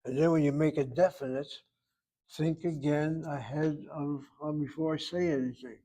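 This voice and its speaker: A man's voice: a little high, fairly even intonation, mellow. Older man patiently teaching Hebrew grammar. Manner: patient, step-by-step, repeats Hebrew words slowly. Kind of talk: explaining grammar in class.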